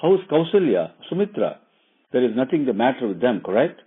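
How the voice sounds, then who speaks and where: A man's voice: medium pitch, big pitch swings, brisk, breathy edge. A man voicing an anxious queen who pleads and presses with questions in a storytelling lesson. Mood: pleading. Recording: tinny phone-like line.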